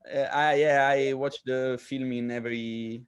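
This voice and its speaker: An Italian-speaking man explains his film in English, pausing and restarting as he searches for words. His voice sits at an ordinary middle pitch for a man. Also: fairly even intonation, clear, resonant tone. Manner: halting non-native English, lots of fillers and restarts. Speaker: film director. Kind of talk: casual interview conversation.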